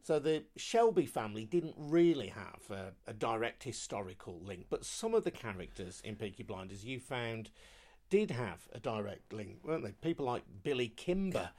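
A man's voice: mid-range voice, lively intonation, normal speed, a little mellow. A man interviewing a guest, asking tentative questions with small hesitations. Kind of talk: podcast interview.

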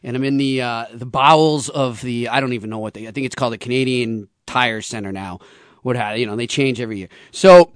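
A man hosting sports radio, telling stories in a chatty, excitable way and laughing often. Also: mid-range voice, brisk, dry recording, clean studio sound. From Boston. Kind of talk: casual on-air chat. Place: radio studio.

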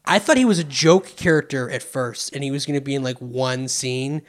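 A man's voice: medium pitch, moderate pace. A man chatting casually with friends, rambling with many restarts and fillers. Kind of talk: casual chat.

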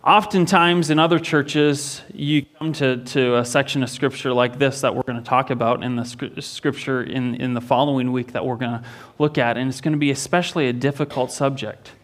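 A man's voice: medium pitch, fairly even intonation, normal speed, a bit bright. A pastor preaching a sermon in a church, retelling a story earnestly and often repeating a word as he restarts a phrase.

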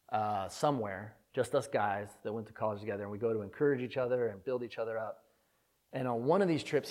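A man's voice: medium pitch, darkish tone. A man preaching a conversational sermon, telling a personal story in an earnest, candid way that swells with feeling.

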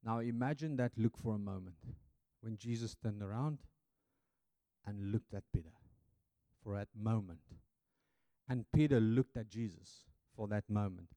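A man preaching a sermon dramatically, swinging from loud passages to hushed ones, with hesitant fillers and restarts. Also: fairly low pitch, unhurried, pauses often, no echo.

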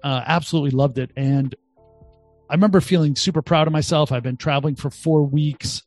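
A man's voice: fairly high pitch, fairly even intonation, brisk, a little mellow, no echo. Boston-accented man in his fifties, showman guest, jokey, dry close sound, faint music behind. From Boston, USA. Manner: exuberant, jokey, acts out quotes in voices. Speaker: guest entrepreneur. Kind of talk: animated storytelling interview.

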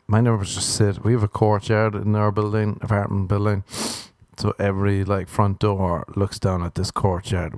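Irish man, low-ish voice, dry close sound, sweary deadpan ranting comic. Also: no echo. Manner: sardonic, profane, self-mocking. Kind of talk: comic rant.

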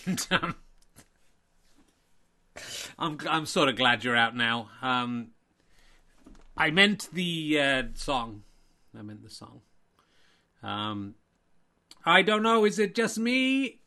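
A man hosting a comic mock sports commentary, playful and self-mocking. His voice sits a touch high for a man and gets excitable over the action. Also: slow, long pauses.

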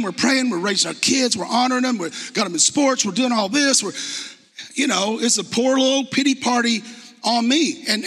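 A man's voice: high-pitched, gravelly, pushed and bright, husky. A man preaching a sermon as pastor in a church sanctuary, talking in a conversational, impassioned way and asking the congregation rhetorical questions. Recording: long reverb from a church hall.

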